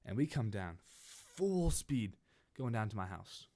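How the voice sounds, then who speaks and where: A young man from California telling a casual storytime over gameplay, rambling and animated, with many restarts. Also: lowish voice, brisk. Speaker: gaming channel host.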